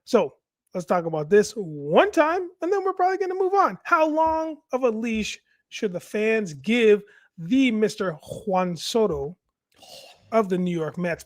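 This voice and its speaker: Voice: mid-range voice, no room sound, clean studio sound. A host moderating a casual sports talk show, introducing topics and firmly keeping the others on track. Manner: firm, steering discussion.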